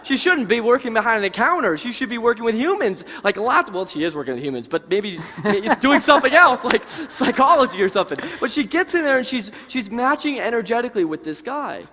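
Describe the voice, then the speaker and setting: A man presenting a live seminar, telling animated stories to an audience in a large conference hall. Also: very high voice, brisk, few pauses. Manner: animated, conversational storytelling to an audience.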